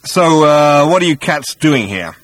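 A man's voice: on the high side, sing-song, a little slow, no echo, voice pushed up. A man doing a brash, cocky alien adventurer. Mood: nervous. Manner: cocky, sneering, startled. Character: brash excitable two-headed male alien adventurer.

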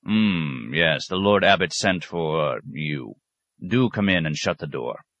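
A man's voice: a bass voice, expressive, slow pace, a bit bright, no echo, muffled recording, exaggerated voice. A man voicing a stern, sarcastic abbot who questions a novice with cutting mockery. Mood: dry. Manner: mocking, cutting, sometimes roaring.

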